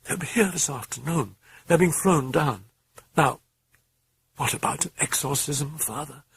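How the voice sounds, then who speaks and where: A man's voice: on the high side, a little slow, gravelly, fairly bright tone, husky, no room sound, voice pushed up, heavily acted. A man voicing an anxious mother, pressing with worried questions in a raised voice. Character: anxious mother, a woman of the house.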